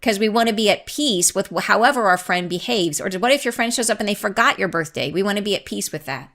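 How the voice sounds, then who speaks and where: A woman hosting a spiritual podcast, chatty and excitable, who laughs often and drifts into tangents. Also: mid-range voice, quick pace. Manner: chatty, rambling, goes off on tangents. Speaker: podcast host and channeler. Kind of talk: casual spiritual talk to listeners.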